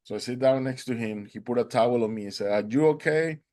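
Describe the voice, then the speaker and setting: A man's voice: medium pitch, fairly even intonation, fast talker, warm tone. Earnest man, Spanish native, telling a story. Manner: earnest, non-native English phrasing; acts out quoted dialogue in a raised voice. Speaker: interview guest.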